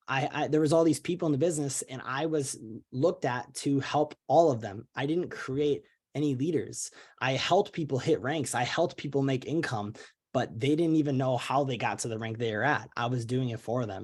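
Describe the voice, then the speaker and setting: A young man leading a motivational team training call, talking in an earnest, energetic way with many fillers and restarts. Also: medium pitch. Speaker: network marketing leader.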